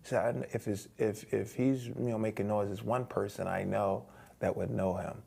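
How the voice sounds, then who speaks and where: A man's voice: fairly low pitch, fairly even intonation, moderate pace, creaky, warm tone, husky. A middle-aged man, a guest on an interview show, animatedly telling a story, acting out quoted voices, with frequent restarts.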